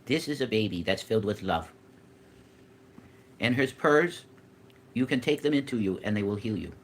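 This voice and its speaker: This man talks in a playful, doting way on a casual live stream. His pitch moves a lot. A faint hiss sits behind him. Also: animated, normal speed. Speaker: streamer in a played clip.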